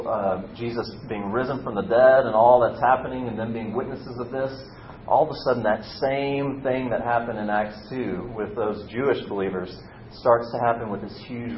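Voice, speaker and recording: A male pastor gives a relaxed, conversational sermon, retelling a story and slipping into the characters' lines. His voice sits in a middle register. The recording is roomy and a little dull, with a faint rumble underneath. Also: normal speed. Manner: casual, storytelling, acts out quotes lightly.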